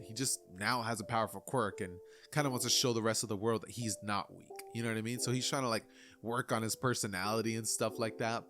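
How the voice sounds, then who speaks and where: A man casually narrating an anime what-if story in a rambling, conversational way, full of fillers. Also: medium pitch. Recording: narration over clear background music.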